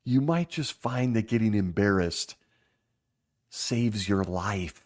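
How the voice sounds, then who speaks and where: A man hosting a casual monologue, making wry sarcastic asides and laughing as he talks, slowing down to stress points. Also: on the low side. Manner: laughs often while talking; lively and animated, slowing down for emphasis. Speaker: podcast host.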